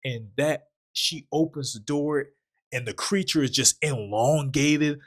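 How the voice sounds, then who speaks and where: A young man co-hosting a casual movie review chat, retelling scenes in an animated way and swearing often. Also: a little slow. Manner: animated retelling, puts on low voices for quotes, swears often. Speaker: podcast co-host.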